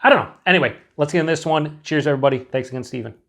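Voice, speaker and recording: A man's voice: a little high, very fast, creaky, fairly bright tone, a little hiss or hum. A man casually reviewing beer for his channel, chatty and rambling, with frequent swearing and filler words. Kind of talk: casual tasting review to camera.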